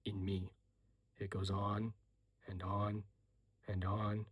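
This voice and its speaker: A man voicing a tormented, coldly intense young man as whispered role-play, hushed and tense. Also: fairly low pitch, level tone, slow pace, breathy edge. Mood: bitter.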